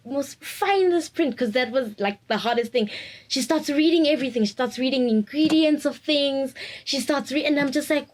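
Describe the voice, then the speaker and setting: A woman's voice: high voice, normal speed, low-quality recording. A woman, talking openly and reflectively in an interview and laughing often. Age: 20s. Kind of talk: candid personal interview.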